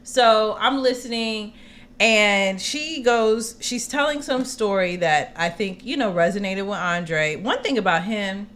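Animated woman telling a story. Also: medium pitch, unhurried. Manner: animated, acts out quotes, slangy asides. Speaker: podcast co-host. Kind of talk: casual storytelling chat.

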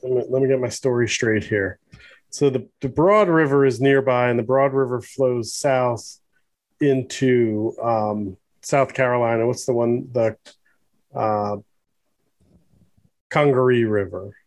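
A man co-hosting a casual podcast chat, thinking aloud as he talks, with many pauses and fillers. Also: medium pitch, darkish tone, no echo. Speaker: podcast co-host.

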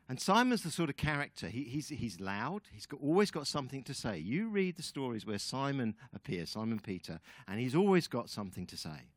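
A man as guest speaker giving a sermon, telling the story in an animated way with chatty asides to the audience. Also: on the high side, dry recording.

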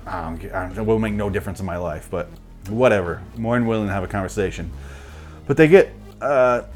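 A man casually recapping a movie in a rambling, profane, sardonic way. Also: mid-range voice. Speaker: movie reviewer.

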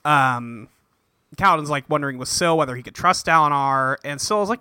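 A man's voice: fairly high pitch, normal speed, sharp tone, clean tone, dry recording. A man co-hosting a podcast, retelling a book's plot in casual chat and tossing in crude, jokey voices for the characters. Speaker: podcast co-host. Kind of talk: casual book-club recap.

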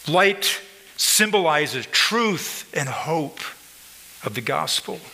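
A pastor's fairly high, gravelly voice comes across sharp and expressive as he preaches slowly in a church sanctuary. Emphatic and repetitive, he speaks right to the congregation, pointing people out. Poor audio brings a long reverb tail plus a little hiss or hum.

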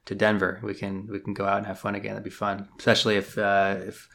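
A man's voice: on the low side, fast talker, creaky. A man hosting a podcast, asking casual questions and reading a closing plug. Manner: relaxed, laughs easily, asks short questions. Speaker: podcast host. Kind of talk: casual interview, then scripted outro.

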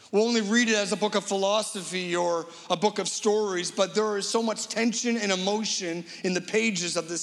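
A man's voice: high voice, gravelly, fairly bright tone, big-room sound. A middle-aged male guest preacher giving a dramatic storytelling sermon, acting out imagined voices.

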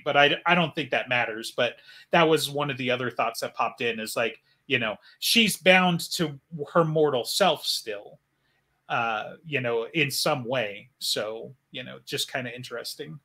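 A man's voice: medium pitch, sharp tone. A man co-hosting a podcast in casual chat, rambling with many fillers.

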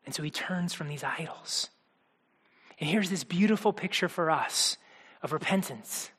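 A man preaching a sermon, earnest, moving between hushed quiet passages and urgent, pressing ones. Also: a little high, normal speed, breathy edge. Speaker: pastor. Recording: long hall reverb.

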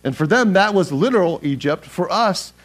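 Animated male pastor preaching. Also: sits high, moderate pace. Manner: animated preaching, leads the congregation in reading aloud. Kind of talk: sermon.

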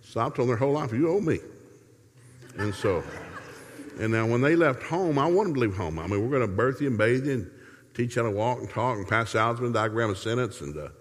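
A man's voice: medium pitch, animated, fast, big-room sound. A middle-aged man preaching a humorous sermon in a folksy, joking way, telling stories from his family life.

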